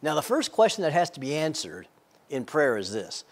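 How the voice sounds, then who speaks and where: A man's voice: on the high side, wildly swooping pitch, moderate pace. A man preaching a sermon, telling an illustration with frequent stammered repeats. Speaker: pastor.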